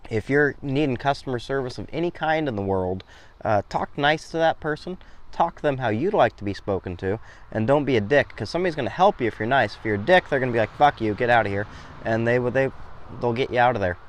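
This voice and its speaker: A man's voice: medium pitch, animated, fast talker. A man in his thirties hosting a casual chat, rambling and handing out travel tips. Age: 30s. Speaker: host.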